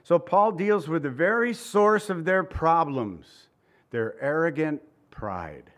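A man's voice: a little high, expressive, slow pace, fairly bright tone. Earnest, emotional male pastor preaching. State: tired and near tears. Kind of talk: sermon.

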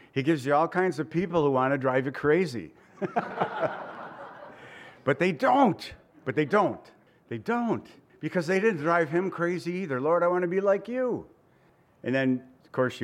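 A man preaching to his congregation with a fairly high voice, speaking earnestly and conversationally. He sounds worn out and close to tears, laughing between his points as he presses his listeners. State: tired and near tears. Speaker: pastor. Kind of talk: sermon.

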